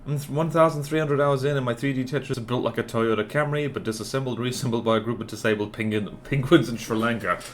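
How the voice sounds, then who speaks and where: A man's voice: medium pitch, fast talker, few pauses, a little hiss or hum. A man streaming a game, giving casual, joking commentary and talking to himself. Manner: animated, jokey self-talk.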